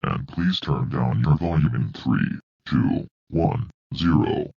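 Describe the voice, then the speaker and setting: A synthetic scary alien male text-to-speech voice reading a voice review in a flat, robotic way. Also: a bass voice, slow, gravelly, lo-fi sound, slight background noise.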